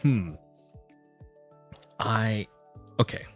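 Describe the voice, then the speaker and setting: A man streaming as a VTuber, talking in a casual, rambling and animated way. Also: fairly low pitch, extremely slow, faint music behind. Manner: animated, rambling, self-deprecating.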